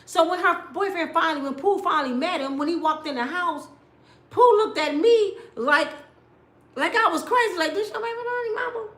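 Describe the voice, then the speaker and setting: A middle-aged woman telling stories in a blunt, animated way, sometimes mimicking other people's voices. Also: extremely high pitch, moderate pace, echoey room. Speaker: storyteller. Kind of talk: casual storytelling rant.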